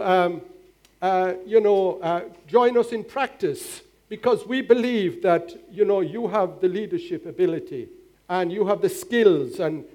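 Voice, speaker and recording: A man's voice: high voice, a little mellow. A man voicing a male Welsh rugby coach on the phone, hesitant and stumbling over fillers, in a Welsh accent.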